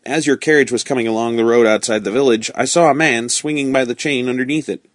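A man's voice: medium pitch, steady tone, fast, dry recording, studio quality, lightly acted. A man voicing a humble, grizzled peasant road mender in a read-aloud story, speaking in a deferential, eager way.

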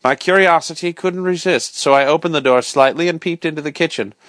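A man reading a bedtime story aloud with dramatic, expressive storytelling. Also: on the high side, a little fast, no room sound.

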